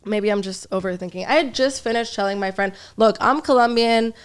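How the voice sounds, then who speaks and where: Brief: woman comedian guest, smooth clear voice, lively and profane storyteller. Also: medium pitch, brisk. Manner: lively storyteller, curses freely. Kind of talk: casual podcast storytelling.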